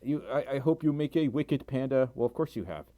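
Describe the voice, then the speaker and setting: A young man on a livestream reads out donations and chat messages, rambling with many fillers and stumbling over the reading; he sounds tired and sore-throated and keeps coughing. His medium-pitched voice is brisk and dark, recorded dry.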